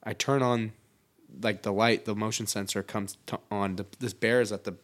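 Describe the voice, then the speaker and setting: A man's voice: lowish voice, steady tone, normal speed. A man talking candidly in a casual podcast chat, swearing freely and filling his talk with likes and you-knows.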